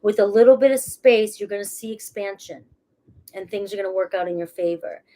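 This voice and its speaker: A woman's voice: medium pitch, a little fast, warm tone. A woman giving a casual tarot reading to camera. She talks chattily and reassuringly, often adds "all right" and "okay", and restarts her sentences. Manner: laughs at herself, restarts phrases. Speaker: tarot reader.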